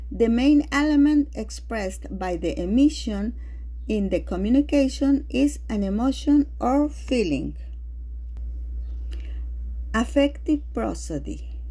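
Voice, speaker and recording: A woman whose first language is Spanish, reading a lecture with spoken examples in a slow, careful way. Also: on the high side, warm tone. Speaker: teacher.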